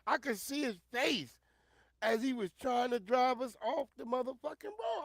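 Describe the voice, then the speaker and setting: A man giving loud, profane, animated commentary on a casual livestream. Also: very high voice, moderate pace, no room sound, clean studio sound. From Northern Virginia. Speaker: streamer commentator.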